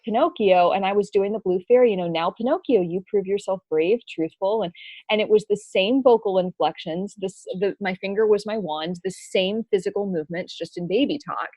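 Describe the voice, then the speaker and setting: Animated young woman guest from Los Angeles, dry and close. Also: medium pitch, a little fast, dry recording, low-quality recording. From Los Angeles, California. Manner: animated, chatty storyteller. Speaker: guest, performer and writer. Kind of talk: podcast interview.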